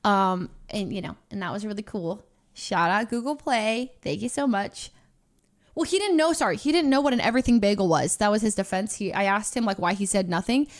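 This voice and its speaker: A woman's voice: medium pitch, fairly quick. A woman streamer chatting casually as she reacts to her own vlog, rambling through a story with lots of fillers and restarts.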